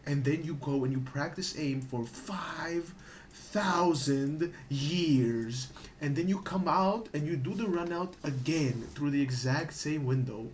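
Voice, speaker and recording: A man's voice: a little high, slow pace, a little hiss or hum. A man giving a casual, profane rant about how to improve, often checking in with "okay?" and "right?". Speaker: gaming streamer.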